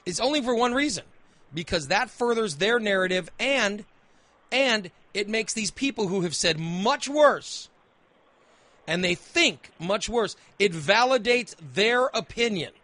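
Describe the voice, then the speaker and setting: A man's voice: high voice, animated, a little slow, pushed and bright, dry recording. A man hosting a talk radio show, arguing his point emphatically and repeating phrases as he builds his case. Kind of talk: opinionated talk radio debate.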